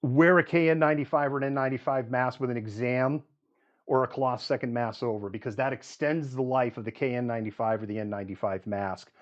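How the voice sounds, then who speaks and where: A man's voice: mid-range voice, fast talker, dull audio. A man hosting a live news show, reeling off statistics with frequent "um"s and running commentary. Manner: reels off statistics with frequent fillers.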